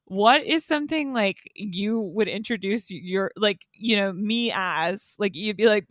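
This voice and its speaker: A woman's voice: mid-range voice, a little slow, hardly any pauses, fairly bright tone, no echo, studio quality. A woman co-hosting a casual podcast, chatty and giggly, with lots of "like" fillers. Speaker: podcast co-host. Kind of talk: casual chat.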